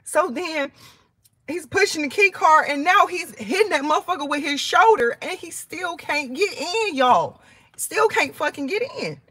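A woman tells a storytime on her channel in a casual, animated way, swearing freely and acting out what people said. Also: high voice, measured pace. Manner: animated, heated, swears freely, acts out quotes. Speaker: vlogger telling a story.

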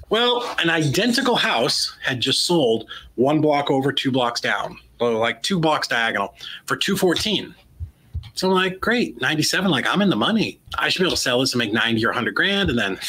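Bright-voiced man telling a lively story. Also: mid-range voice, slightly rough, rough recording. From United States. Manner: animated storyteller acting out quoted dialogue. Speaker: guest, real estate investor. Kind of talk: storytelling interview answer.

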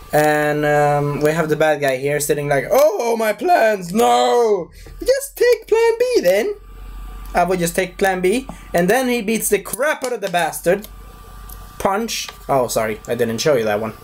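A young man giving a casual, animated movie review rant who keeps slipping into silly high voices for the characters.

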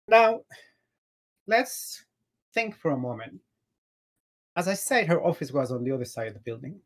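A man's voice: a little high, darkish tone, slight background noise, poor audio. Emphatic male career coach giving a talk. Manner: storytelling, emphatic repetition. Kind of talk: conference talk with slides.

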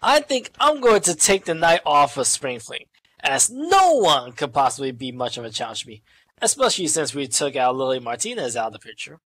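A commentator calling a virtual wrestling show in casual play-by-play, excitable and swearing freely. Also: medium pitch. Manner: excitable, swearing, quick asides.

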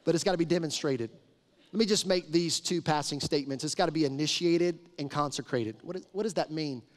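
A man's voice: a little high, brisk. A middle-aged man, a pastor, preaching a conversational, emphatic sermon with storytelling in a large church sanctuary. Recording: reverberant sanctuary sound.

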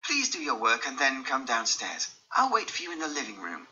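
A man reading an audiobook, voicing a secretive young gentleman who pleads and manipulates. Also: huge pitch swings, a little fast, lo-fi sound, full character voice. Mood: brisk. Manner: pleading, pitched up high when desperate.

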